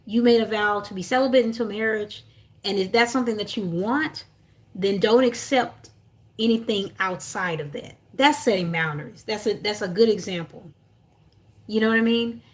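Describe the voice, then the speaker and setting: A woman's voice: mid-range voice, normal speed. Young woman doing a livestream pep talk, earnest, lots of um and you know, keeps restarting. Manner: earnest, repetitive, encouraging, many fillers and restarts. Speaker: self-love coach and author.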